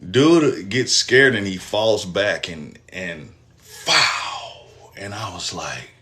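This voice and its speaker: A young man, telling a personal story in casual, profane, animated style. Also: sits low, slow. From Texas, US. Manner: animated, profane storytelling with acted-out quotes and laughs.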